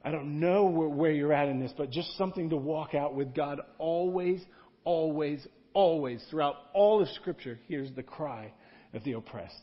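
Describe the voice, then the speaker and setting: A man's voice: a little high, normal speed. A man, a pastor, preaching a sermon in a church room in a conversational style, repeating key words for emphasis. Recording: dull lo-fi sound.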